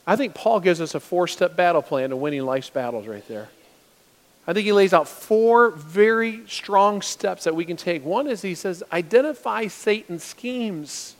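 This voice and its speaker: A man preaching a sermon as pastor, swinging between loud urgent stretches and hushed asides. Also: high voice, animated, normal speed, in a large hall. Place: church sanctuary.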